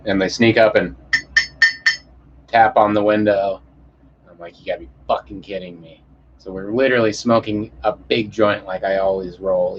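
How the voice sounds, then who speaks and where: A man's voice: lowish voice, a little hiss or hum. A young man telling a story in a profane, heated rant, acting out the voices of the people in it. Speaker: podcast storyteller. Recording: muffled lo-fi audio.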